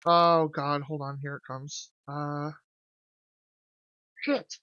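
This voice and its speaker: A young adult streamer in casual let's-play commentary, reading game lines aloud and chatting to viewers with animated, swearing asides. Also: medium pitch, unhurried, smooth, dry recording, dull audio. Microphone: desk mic with gain adjusted.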